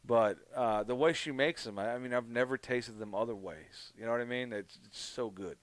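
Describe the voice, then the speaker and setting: A man from Canada telling a story in casual chat on a podcast, profane and animated. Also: mid-range voice, moderate pace, no room sound. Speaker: podcast co-host.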